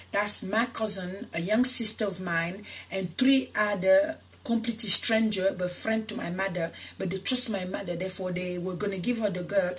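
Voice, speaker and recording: A woman activist from Senegal who grew up in France, telling her personal story in an interview, earnest and emotional, with many restarts. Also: medium pitch. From Senegal, raised in France. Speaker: activist guest.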